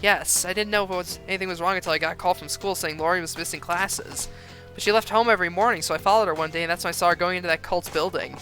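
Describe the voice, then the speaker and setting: A man doing an anxious, pleading middle-aged mother, pitched high with a bright, forceful edge. She sounds earnest and close to breaking. Faint game music sits behind her. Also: steady tone, fast talker. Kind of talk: reading game dialogue aloud on a stream.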